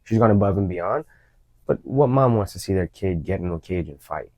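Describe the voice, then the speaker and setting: A man who fights and coaches in mixed martial arts, talking in a casual interview with loose, fast storytelling full of "you know" fillers. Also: sits low, expressive, a little mellow, no echo, poor audio.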